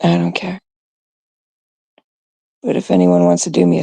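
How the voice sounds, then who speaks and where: A woman from Canada hosting a live stream, scolding and ranting bluntly at a troll, her talk full of fillers and pauses. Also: on the low side, little pitch movement, gravelly, warm tone, breathy edge, no room sound.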